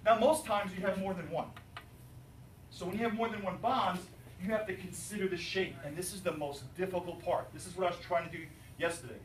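A man's voice: sits high, fairly quick, slight background noise. Man, chemistry teacher, jokey lecture style, quizzes the class, roomy classroom sound. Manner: animated, jokey, asks students questions. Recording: roomy, distant classroom recording.

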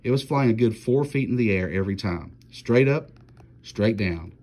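A man reads a children's storybook aloud with steady, plain narration. His voice sits on the low side and the delivery stays even. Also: normal speed. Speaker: teacher reading aloud.

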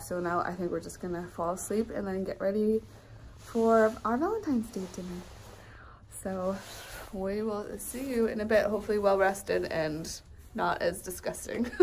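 A woman's voice: medium pitch, slight background noise. A young woman chatting casually to camera in a travel vlog, bubbly and gushing, a little stuffed up with a cold. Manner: bubbly, gushing, many fillers and laughs. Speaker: vlogger. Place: hotel room and city streets.

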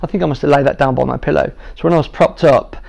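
Gravelly-voiced jovial man. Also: on the high side, fairly even intonation, fast talker, a little mellow. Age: 30s. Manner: jovial, self-deprecating, makes light of things. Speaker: guest speaker sharing his patient story. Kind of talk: humorous personal storytelling to a training group.

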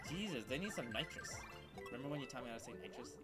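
A young man casually chatting and joking while playing a co-op video game, swearing a lot and breaking into loud excited shouts. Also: mid-range voice, very fast. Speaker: co-op gameplay commentator. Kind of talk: casual gaming chat. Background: game music.

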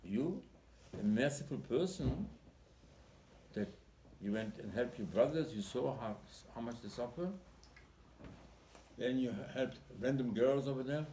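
A rabbi delivers a Torah sermon, animatedly telling a story, acting out the dialogue and often repeating words while searching for phrasing. His mid-range voice is mellow and measured, with frequent pauses and a little hiss or hum. The recording has a roomy echo and faint background ambience.

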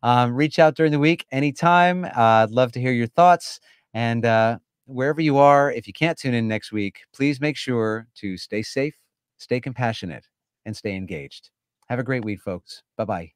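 A man's voice: mid-range voice, normal speed, clean tone, no room sound, clean studio sound. A man hosting a live stream, chatting with a guest in an effusive, enthusiastic way. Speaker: host. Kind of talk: casual live-stream chat.

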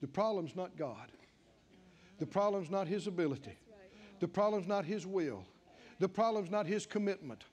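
High-pitched, lively preaching man. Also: moderate pace, pauses often, husky. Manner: call-and-response preaching, repeating lines with rising emphasis. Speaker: pastor. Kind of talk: sermon. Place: church sanctuary with congregation.

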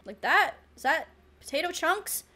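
High-voiced flustered woman gaming. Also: animated, normal speed, pushed and bright. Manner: flustered, self-mocking, laughs often. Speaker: let's play gamer. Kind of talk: casual gameplay commentary.

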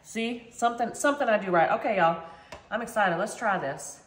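A woman's voice: medium pitch, a little fast, echoey room. A woman hosting a casual home cooking vlog, chatty and bubbly, talking straight to her viewers. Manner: chatty, bubbly, constantly addresses viewers as y'all. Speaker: vlog host. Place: home kitchen, then a sunny backyard chicken coop.

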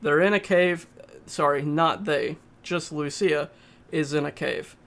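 A man giving a casual, halting spoken movie review, often pausing and restarting his sentences. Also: a little high, gravelly, fairly bright tone. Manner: plain, halting, with frequent uhs and restarts.

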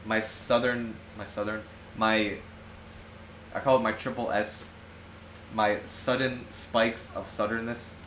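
A man's voice: fairly low pitch, little pitch movement, takes it slowly, long pauses, fairly bright tone, a little hiss or hum. A young man chatting with friends over a video game, rambling through anecdotes full of fillers. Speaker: gaming channel member. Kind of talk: casual chat over gameplay. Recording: echoey room.

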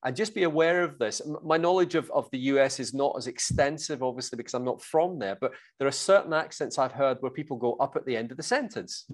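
A guest coach in an interview gives sales advice, confident and energetic, explaining through examples. His medium-pitched voice moves quickly with hardly any pauses.

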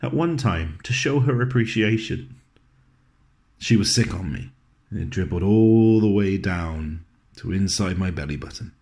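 A man performing a scripted dramatic monologue, telling his story in a gentle, wry way with low, soft passages. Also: expressive, unhurried.

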